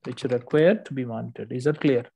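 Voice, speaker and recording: Patient male tutor, dark mellow tone. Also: mid-range voice, brisk, vocal fry, slight background noise. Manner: patient, explanatory, frequent "okay" checks. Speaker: English test tutor. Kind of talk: one-on-one correction lesson.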